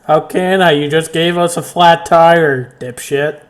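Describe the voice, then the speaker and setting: A man's voice: fairly high pitch, fairly even intonation, a little slow. A man playing a tabletop game in character, defiant and mouthy. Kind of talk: in-character role-play.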